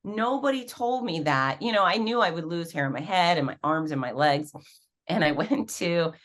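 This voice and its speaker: A woman guest on an interview podcast telling her story in a lively, animated way, acting out quoted voices with big jumps in pitch. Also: moderate pace. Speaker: podcast guest, fitness professional and race announcer.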